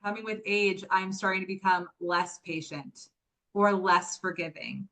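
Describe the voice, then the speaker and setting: A woman's voice: mid-range voice, unhurried, fairly bright tone. A woman talking as a guest on a podcast, chatty and candid, often filling with "like" and "right?". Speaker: podcast guest, business founder. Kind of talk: casual podcast conversation.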